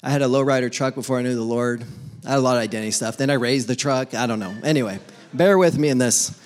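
A man's voice: medium pitch, fast. Casual joking man preaching a sermon. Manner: casual, joking preacher who acts out dialogues with God. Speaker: pastor.

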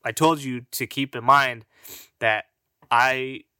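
A man's voice: mid-range voice, steady tone, takes it slowly, sharp tone, clear, resonant tone, dry recording, studio quality. A man of Mexican heritage rambling through a casual, profane monologue, often laughing at his own jokes.

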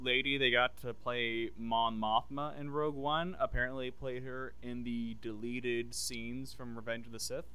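A man with a bright, crisp, clear voice talks in a loose, rambling podcast chat. He is enthusiastic and pitches ideas as he goes. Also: flat delivery, moderate pace, hardly any pauses. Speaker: podcast co-host. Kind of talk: casual chat.

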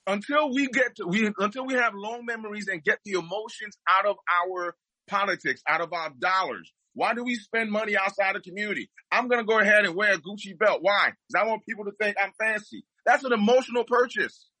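High bright-voiced guy ranting about politics, hammers his points over and over. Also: fairly quick, no room sound, low-quality recording. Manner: fervent, repeats points for emphasis. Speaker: guest. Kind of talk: impassioned political commentary.

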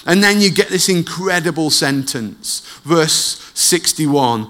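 Slow, dramatic male preacher. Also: lively intonation. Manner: dramatic storytelling, dropping low and soft at tense moments. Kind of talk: sermon.

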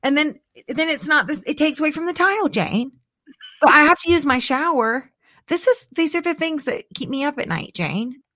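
Chatty middle-aged woman, animated and dramatic, kinda high voice, dry close mic. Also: normal speed, no echo. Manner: animated and dramatic, laughs often. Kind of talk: casual chat.

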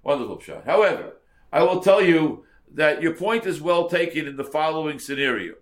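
A man's voice: fairly high pitch, expressive, normal speed. A man teaching a Torah class as a rabbi, translating verse by verse and repeating words for emphasis.

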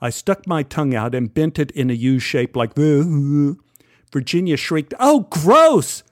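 A man's voice: a little high, a little slow, darkish tone, dry recording. A man from Texas telling a personal story in a wry, conversational way with dry humor. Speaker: podcast storyteller.

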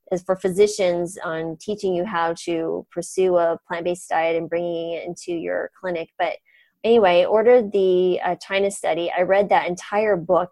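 A woman in her forties, a physician guest, telling a story in an animated, chatty way with many fillers and laughs. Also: lowish voice, dry recording. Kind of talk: conversational storytelling.

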